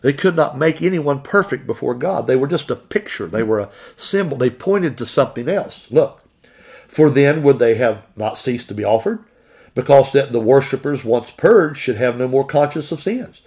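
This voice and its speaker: A male preacher with a husky, slightly breathy voice delivers an earnest sermon. He reads scripture slowly and deliberately, then turns to his listeners with repeated questions. His voice sits at an ordinary middle pitch. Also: expressive, a little mellow.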